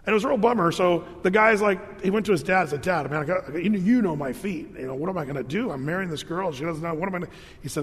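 Preacher, male, high voice, chatty storytelling sermon in a reverberant hall. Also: quick pace, husky. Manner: storytelling, animated with jokes and asides. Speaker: pastor.

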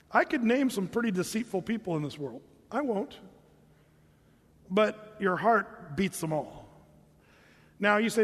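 Brief: male pastor, high tenor, chatty sermon delivery, hall reverb. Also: very animated, moderate pace, husky. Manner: conversational preacher, mimics hearers in a higher voice.

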